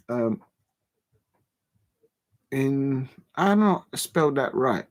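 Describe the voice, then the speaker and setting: Slow, rambling male football streamer. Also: medium pitch, darkish tone. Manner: rambling, halting with many fillers, chuckling often. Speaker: football livestream host. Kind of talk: casual livestream chat.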